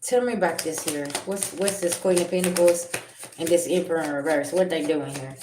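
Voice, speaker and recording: A woman giving a livestream tarot reading, blunt and confrontational, with slangy talk and sharp comebacks to her viewers. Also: sits low, a little fast. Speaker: tarot reader. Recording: echoey room with loud background noise.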